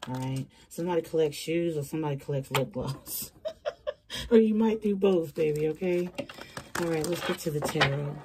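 A woman's voice: deep voice, fairly even intonation, a little fast, noisy background. A woman giving a casual, chatty tarot reading from her small bedroom, talking straight to her viewers in slangy terms. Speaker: tarot reader.

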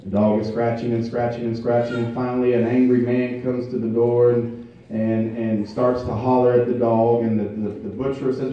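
A male pastor preaching a sermon, building from quiet to loud, emphatic delivery with drawn-out phrases. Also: medium pitch, little pitch movement. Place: church sanctuary. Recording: distant echoey church recording, muffled.

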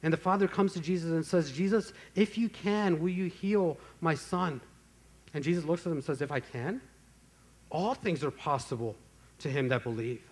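A man delivering a sermon with a slightly high-pitched voice. He preaches earnestly, leaning into slow, emphatic phrases and building intensity as he pleads with his listeners. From Texas, USA. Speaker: pastor.

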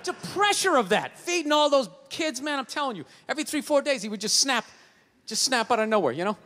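A man doing a stand-up set on stage, ranting and swearing, often shouting his punchlines. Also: extremely high pitch, sing-song, fairly quick. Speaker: stand-up comedian. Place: comedy stage before a laughing audience. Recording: live show, long hall reverb, faint noise.

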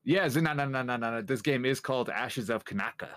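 A man's voice: medium pitch, fast, fairly bright tone, no echo. A man playing a game with friends, teasing and bantering casually. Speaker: co-player. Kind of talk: casual gameplay chat.

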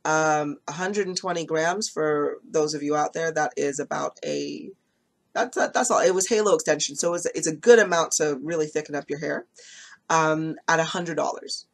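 Chatty woman vlogger, slightly low voice. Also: normal speed, gravelly. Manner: chatty storytelling with many ums, acts out quoted voices. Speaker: hair extension business owner. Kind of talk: casual talking-head vlog.

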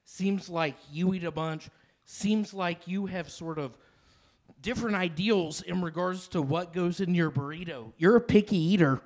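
A man's voice: high-pitched, moderate pace, darkish tone. A man on a comedy show rambling in an earnest, oddly sincere way. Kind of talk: rambling stage banter.

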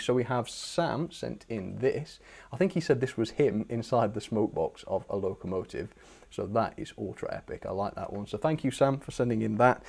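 Chatty British man with gravelly voice. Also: mid-range voice, a little mellow. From Britain. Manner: chatty, enthusiastic, self-deprecating asides. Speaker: channel host reading viewer requests. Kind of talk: casual live-stream chat.

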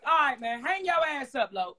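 A man hosting a livestream, loud and hyped, swearing and shouting to his viewers. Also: very high voice, big pitch swings, brisk. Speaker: livestream host.

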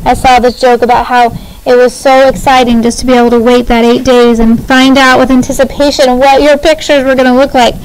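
A middle-aged woman teaching a spelling lesson, her voice set quite high. She drills each word patiently, dragging out the letters one by one and chatting in between. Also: little pitch movement, brisk, slight background noise, poor audio. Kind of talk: classroom spelling lesson over video.

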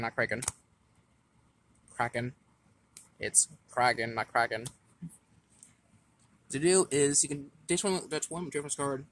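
With a fairly high, slightly bright voice, a man ambles through his card game deck, reading the effects out loud in a halting manner full of stumbles and restarts.

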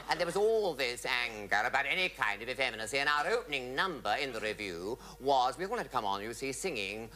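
A man's voice: mid-range voice, very animated, fast, few pauses, sharp tone, rough recording. A middle-aged man telling theatrical anecdotes in a flamboyant manner, mimicking the people in his stories. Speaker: comic raconteur.

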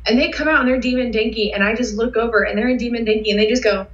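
Woman, interview guest, rambling, excitable, echoey room, dull sound. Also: fairly high pitch, very fast. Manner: rambling, filler-heavy, excitable. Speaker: guest cosplayer. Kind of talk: casual interview storytelling.

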